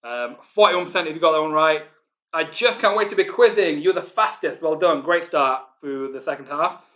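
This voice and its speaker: A Northern English man runs a live online pub quiz in a bright, forceful voice pitched a little high. He chats loosely with players, full of ums, and then reads each question slowly and repeats it. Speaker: quiz host.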